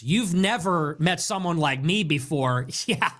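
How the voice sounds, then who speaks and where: A man's voice: a little high, animated, moderate pace, few pauses, a bit bright. A man hosting a podcast, delivering an exasperated, sarcastic and profane comedic rant. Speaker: podcast host. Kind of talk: comedic ranting monologue.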